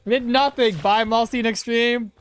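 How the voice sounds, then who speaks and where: A man's voice: very high voice, fairly even intonation, moderate pace, clean tone. A man streaming a game, chatting with viewers in an exasperated, laughing way. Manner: exasperated, laughing, talks to chat. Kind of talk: casual live-stream commentary.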